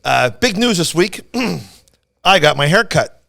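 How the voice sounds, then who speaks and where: A man's voice: a little high, very animated, takes it slowly, creaky, sharp tone. A man with a Philadelphia accent hosting a comedy podcast, telling rambling anecdotes full of restarts. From Philadelphia area. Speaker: podcast host.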